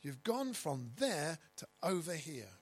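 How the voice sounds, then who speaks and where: A man preaching a sermon as pastor, stressing key words loudly and dropping to quiet asides. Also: on the high side, big pitch swings, measured pace, breathy edge, rough recording. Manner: emphatic, swinging between loud stresses and quiet asides.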